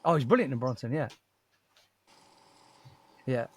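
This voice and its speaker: A man co-hosting a casual movie podcast, enthusiastic and quick to agree. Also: mid-range voice, animated, slightly rough. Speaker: podcast co-host. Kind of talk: casual chat.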